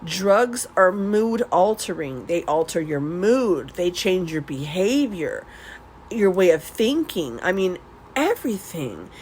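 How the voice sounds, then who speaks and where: A woman's voice: on the low side, sing-song, takes it slowly, darkish tone, rough recording. Woman just talking to her followers at home, kinda rambly and open, little hiss behind her. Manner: rambling, candid, frequent restarts and laughs. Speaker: beauty vlogger swatching nail products. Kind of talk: casual confessional chat.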